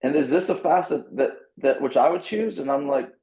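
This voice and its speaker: A man's voice: a little high, normal speed, vocal fry, dark tone, echoey room, low-quality recording. A man, a pastor and author, animatedly telling a story and reading scripture aloud, acting out his own reactions with a self-mocking humor.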